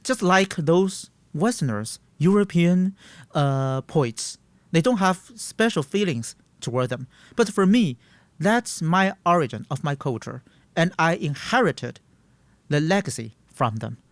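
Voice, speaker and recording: A man's voice: fairly high pitch, animated, measured pace, no room sound. Earnest man in his thirties. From Taiwan. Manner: earnest, emphatic, searching for words. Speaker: guest. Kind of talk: interview answers.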